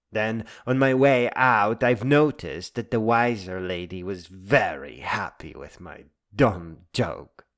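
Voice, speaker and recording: A man reading a reflective, wry spoken essay in a musing, deliberate way. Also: medium pitch. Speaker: essay narrator. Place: Lake Michigan area.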